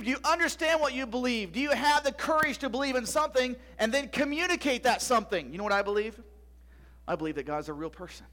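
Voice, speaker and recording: A man's voice: very high-pitched, bright, forceful tone. A middle-aged man preaching a sermon, asking rhetorical questions with emphasis and sometimes dropping to a whisper. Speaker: pastor.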